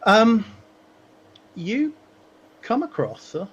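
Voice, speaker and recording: A man narrating a tabletop game as game master, pausing often with fillers and restarts. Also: high voice, very animated, husky, muffled recording. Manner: halting, many fillers and restarts.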